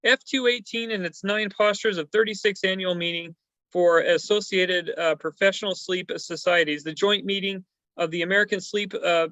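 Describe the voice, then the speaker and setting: A man's voice: high voice, steady tone, moderate pace, pushed and bright, dry recording, dull audio. A man hosting a stock news chat, talking casually and rambling with many fillers and hesitations. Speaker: stock show host.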